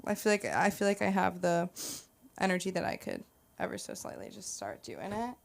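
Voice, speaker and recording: A woman's voice: fairly low pitch, huge pitch swings, normal speed, gravelly. A woman hosting a comedy open mic, emceeing between comics with loose, rambling banter. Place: comedy club stage.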